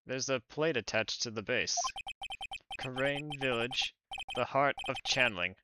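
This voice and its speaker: Soft-spoken man streaming a game. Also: medium pitch, measured pace, heavy background noise. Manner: soft-spoken, hesitant, lots of fillers. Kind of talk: casual game commentary and reading. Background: game music.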